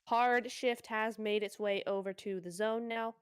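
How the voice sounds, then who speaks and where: A woman casting a mobile shooter tournament live, chatty and quick to exclaim at the action. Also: medium pitch, a little hiss or hum. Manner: excitable, chatty, exclaims often. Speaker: esports caster. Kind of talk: live play-by-play commentary.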